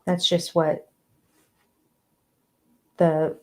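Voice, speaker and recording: A woman's voice: flat delivery, very slow, mellow. An older woman hosting a livestream, chatting casually about a reality show and reading out viewer comments with frequent laughs. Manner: chatty, rambling, laughs often; coos in a high voice to her cats.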